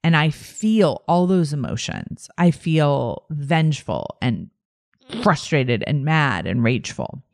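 Low-voiced woman coaching slowly. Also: dry recording, studio quality. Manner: calm, repetitive, emphatic phrasing. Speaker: podcast host and life coach. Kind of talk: solo podcast teaching monologue.

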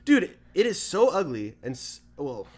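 A man from Malibu hosts a casual podcast chat. His talk is loose and profane, broken up by frequent laughs, and his pitch swings widely. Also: huge pitch swings, normal speed, husky. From Malibu, California. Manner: laid-back, swears a lot, laughs often. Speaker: podcast host.

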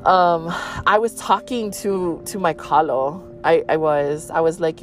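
A woman's voice: on the low side, lively intonation, moderate pace. A woman with a Hawaii Pidgin-tinged accent, hosting a casual solo podcast in a chatty, candid way with frequent swearing. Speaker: podcast host.

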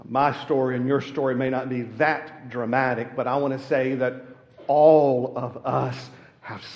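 A man giving a sermon as a guest preacher, telling a story and building to loud, emphatic peaks. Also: mid-range voice. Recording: long reverb, dull lo-fi sound.

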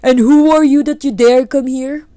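A woman's voice: medium pitch, very animated, normal speed, mellow, no room sound, studio quality, close to an everyday voice. A woman voicing village women at a spring who challenge a stranger in a folk tale. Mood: challenging.

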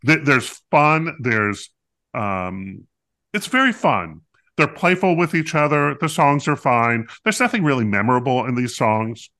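A man's voice: mid-range voice, big pitch swings, a little slow, pushed and bright. A man co-hosting a podcast, reviewing a musical in casual chat, talkative and playful with many fillers.

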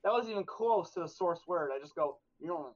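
Rambling young man, slightly high voice. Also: animated, brisk. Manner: rambling storyteller, many fillers and restarts. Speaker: podcast co-host. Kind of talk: casual chat. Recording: dull lo-fi sound.

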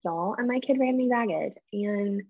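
A tired young woman chatting casually as host, quick and self-deprecating. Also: medium pitch. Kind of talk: casual live chat. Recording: dull lo-fi live stream.

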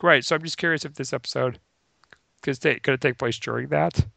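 A man co-hosts a podcast with a gravelly, fry-edged voice at a middling pitch. He adds short agreements and dry, joking asides to the conversation. The recording is close and dry. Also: a little fast, sharp tone, dry recording. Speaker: podcast co-host. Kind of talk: casual podcast chat.

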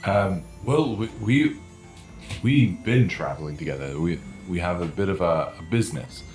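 A man playing a tabletop game, speaking in a hesitant, halting way. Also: sits low, animated, a little mellow. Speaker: player. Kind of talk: tabletop role-play. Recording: roomy echo, faint music.

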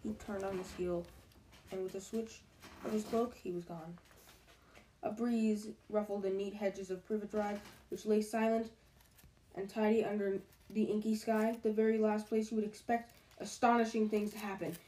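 Woman reading a storybook aloud, mellow. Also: medium pitch, poor audio. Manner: steady, unhurried, rereads slips. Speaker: reader.

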